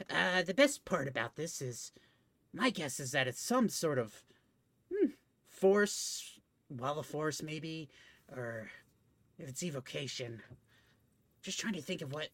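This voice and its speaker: A man's voice: a little high, very animated, takes it slowly, pauses often, sharp tone, full character voice. A man doing a distracted nerdy wizard. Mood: puzzled. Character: bookish nerdy wizard NPC, distracted and overconfident.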